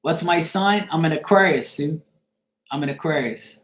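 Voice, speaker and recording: A man's voice: on the high side, moderate pace. Rambling middle-aged man, echoey room. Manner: rambling, repeats "you see what I'm saying". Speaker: live-stream host. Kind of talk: casual chat to viewers.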